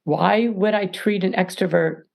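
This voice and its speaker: A woman's voice: medium pitch, measured pace, gravelly, a little mellow. A middle-aged woman, a mediator and podcast guest, giving emphatic advice and acting out little scenes as she explains. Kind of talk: animated advice talk.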